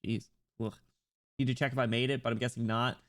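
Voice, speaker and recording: A man streams a game and chats casually, rambling and using plenty of fillers as he also reads the game's dialogue. His mid-range voice is a bit bright, his delivery flat and brisk, with faint music behind it.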